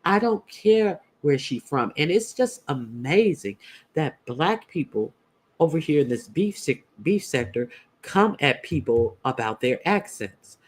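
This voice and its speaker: A slightly high-voiced man giving casual opinion commentary to his viewers. He is blunt and swears freely, stopping and restarting with lots of "uh" fillers between his points. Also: very animated. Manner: blunt and profane, halting with many "uh" fillers. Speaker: YouTube commentator host.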